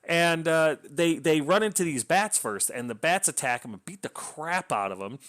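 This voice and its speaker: A man's voice: fairly high pitch, expressive, normal speed, a bit bright. A man giving a casual, rambling spoken review of a novel, with frequent restarts and enthusiastic asides. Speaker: book reviewer.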